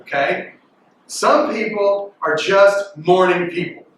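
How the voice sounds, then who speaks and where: A man preaching a lively, joking sermon to teenagers, with sudden loud outbursts when he acts out reactions. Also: sits high, slow, a little hiss or hum. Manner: animated and jokey, bursts into loud mimicking. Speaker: youth pastor. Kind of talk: youth sermon. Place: large echoey worship hall. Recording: distant mic in reverberant hall.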